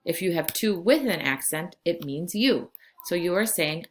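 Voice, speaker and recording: A woman in her forties with a low voice, teaching a class. She gives slow, clear instructions and moves easily between two languages. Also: lively intonation. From California. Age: 40s. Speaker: Spanish teacher. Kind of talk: recorded class lesson.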